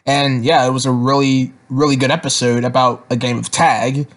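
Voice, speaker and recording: A man's voice: medium pitch, flat delivery, moderate pace. A man casually reviewing cartoon episodes, rambling with lots of fillers and repeated words.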